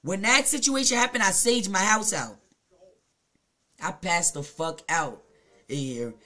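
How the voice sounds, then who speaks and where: A woman live streamer telling a blunt, profane story to her chat at home, her voice swinging between hushed and loud. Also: medium pitch, unhurried. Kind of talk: casual confessional storytelling to chat.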